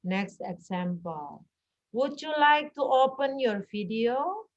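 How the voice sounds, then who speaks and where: Woman, English teacher, high voice, patient drills, dull video-call audio. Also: expressive. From Indonesia. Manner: slow, deliberate, repeats example phrases, drills. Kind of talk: online classroom lesson.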